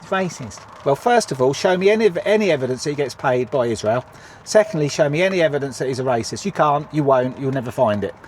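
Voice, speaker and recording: A man's voice: mid-range voice, expressive, quick pace. A man giving a heated, sweary political rant for his vlog while sitting in his car in traffic. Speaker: vlogger.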